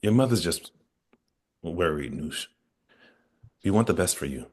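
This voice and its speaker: A man voices a placating father in a table read, low and unhurried. He talks softly, easing tension between mother and daughter. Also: animated. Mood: soothing. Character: father, older man, gentle and soothing. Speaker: Anna's father.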